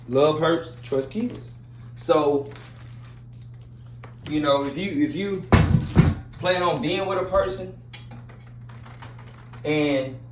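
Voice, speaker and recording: Blunt preachy man, echoey room. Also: fairly high pitch. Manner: blunt, preachy, repetitive, street slang. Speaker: relationship advice host. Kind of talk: casual monologue. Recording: echoey room with faint noise.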